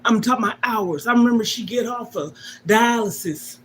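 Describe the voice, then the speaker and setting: This livestream host, a middle-aged woman, addresses viewers about her own life with feeling and emphasis, hammering key points home sermon-fashion. Her voice sits on the high side at a moderate pace, and there's slight background noise.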